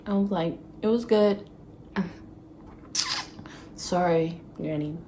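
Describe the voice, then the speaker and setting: A woman's voice: on the low side, slow, dark tone, a little hiss or hum. Profane, candid young woman vlogger. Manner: candid and profane, laughing often, acting out her past self. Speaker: vlogger telling a story. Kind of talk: casual storytime.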